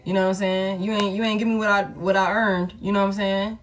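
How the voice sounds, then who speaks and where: A woman's voice: medium pitch, level tone, quick pace, faint music behind. A woman giving a casual tarot reading in a blunt, repetitive, slangy way, often saying "you know what I'm saying,". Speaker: tarot reader.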